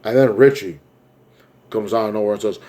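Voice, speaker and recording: A man giving an excitable, rambling plot recap as a movie reviewer, full of fillers. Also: lowish voice, brisk.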